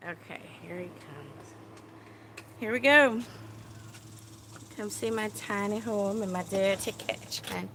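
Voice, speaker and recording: A woman's voice: mid-range voice, a little slow, noisy background. A tipsy woman vlogging into a handheld phone, chatty and profane, rambling as she thinks aloud. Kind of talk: casual rambling vlog.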